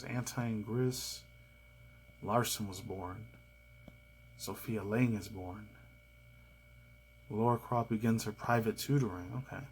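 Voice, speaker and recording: A man's voice: lowish voice, slight background noise, poor audio. A man in his thirties hosting a casual reaction video, rambling in a loose, slangy, chatty way. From United States. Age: 30s.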